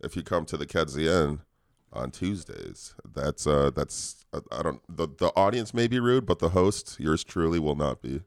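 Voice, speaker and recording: A man's voice: a bass voice, expressive, moderate pace, vocal fry, dry recording, studio quality. A man co-hosting a casual podcast, swearing and laughing as he reads out a list. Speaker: podcast co-host. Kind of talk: casual chat.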